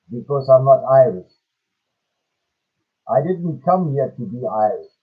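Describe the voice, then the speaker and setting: A middle-aged South African man making an impassioned personal statement, slow and emphatic, repeating phrases for stress. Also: medium pitch, breathy edge. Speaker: person airing a grievance to camera. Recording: phone-like lo-fi audio.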